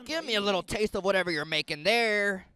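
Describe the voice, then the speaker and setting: A man's voice: high-pitched, brisk, bright, forceful tone. Guttural brute of a hunter brother, begging for food with a pushy streetwise edge; a male preacher voices him in a sermon. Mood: pleading. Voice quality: guttural caveman voice. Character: gruff hungry grown hunter brother, brutish.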